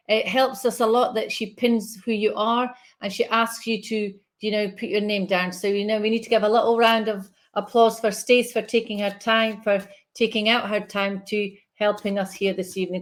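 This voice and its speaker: A woman working as a spiritual medium in a live online reading, speaking in a soothing, reassuring way and often checking in with "okay?". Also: mid-range voice.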